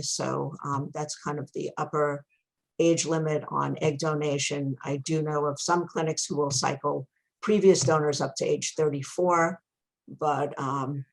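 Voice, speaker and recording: Woman, New York accent, middle-aged, gravelly voice, chatty candid webinar talk over a video call. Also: low voice. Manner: chatty and candid, frequent ums. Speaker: guest expert panelist. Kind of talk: webinar presentation.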